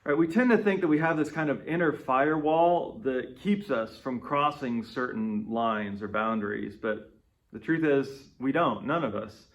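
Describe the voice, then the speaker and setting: A man with a voice of ordinary middle pitch, reading a Bible passage and then reflecting on it as a devotional speaker. His delivery is conversational and plain, and he often tosses a quick "right?" to the listener. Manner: conversational, tags points with "right?".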